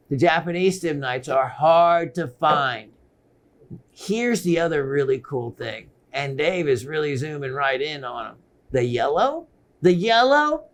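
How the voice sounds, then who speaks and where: A middle-aged man hosting a gemstone shopping show, presenting pieces with excitement and repeating phrases for emphasis. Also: fairly high pitch. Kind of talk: enthusiastic sales presentation.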